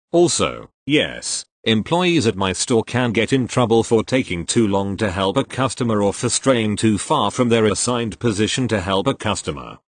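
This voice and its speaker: A man with a lowish voice and no room sound reads online retail stories aloud. He narrates the posts in a conversational storytelling way and adds casual asides.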